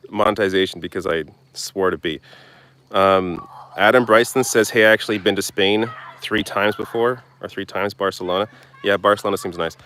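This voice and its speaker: A young political commentary host streams live outdoors, reading chat and answering viewer questions bluntly and loosely, swearing and laughing off distractions. His voice sits on the low side and is a bit bright, with fairly even intonation at normal speed.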